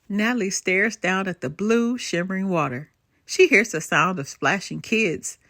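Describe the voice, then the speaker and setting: Oudere vrouw die levendig voorleest. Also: female voice, mid-range voice, moderate pace, dry recording, studio quality. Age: older. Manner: expressive, lilting. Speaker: storyteller. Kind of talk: bedtime story read-aloud.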